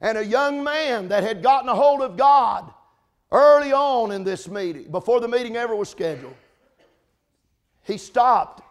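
Male preacher with a high voice, fervent and repetitive, speaks to his congregation. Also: expressive, normal speed. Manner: impassioned, building to shouted climaxes; repetitive, with restarts and asides to congregants by name. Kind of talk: sermon.

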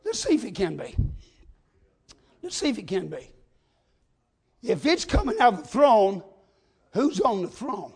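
High-pitched preacher, slow and animated. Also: male voice, breathy edge. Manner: folksy storytelling building to shouted preaching. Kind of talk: sermon.

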